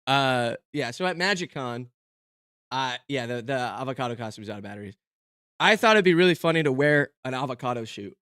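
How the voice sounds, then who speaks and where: A man's voice: mid-range voice, animated, brisk, fairly bright tone, clear, resonant tone, dry recording. Young male streamer, self-mocking rambler, close and dry sound. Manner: rambling, lots of fillers and restarts. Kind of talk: casual stream chat.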